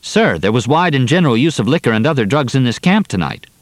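A man's voice: mid-range voice, very animated, fast talker, no room sound, voice pushed up, close to an everyday voice. Man voicing a formal, defiant young prisoner.

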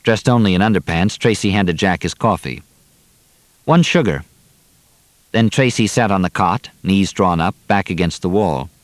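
Man, audiobook narrator, measured, steady, low pitch, dry close sound. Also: no room sound. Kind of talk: scripted narration.

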